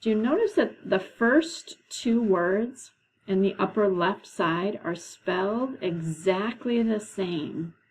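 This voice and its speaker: A woman teacher leading a classroom lesson, explaining patiently and slowly, with frequent "okay"s. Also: medium pitch, expressive, darkish tone, slight background noise, low-quality recording. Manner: slow, patient, drawn-out explanations.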